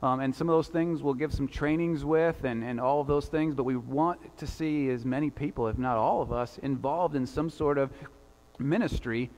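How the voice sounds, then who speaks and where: Man preaching in a reverberant church. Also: mid-range voice. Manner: conversational preaching with rhetorical asides. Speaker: pastor. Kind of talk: sermon. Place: church sanctuary.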